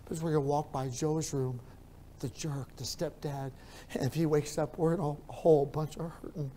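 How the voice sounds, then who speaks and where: Male pastor, sermon, hushed storytelling then loud preaching, repeats phrases. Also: fairly high pitch, steady tone, a little fast, slight background noise.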